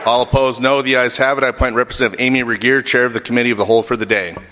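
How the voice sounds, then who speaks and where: A man presiding over a legislative session, announcing business and calling votes in clipped, rapid announcements. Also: mid-range voice, steady tone, bright, forceful tone, a little hiss or hum. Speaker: presiding speaker. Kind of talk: formal parliamentary procedure.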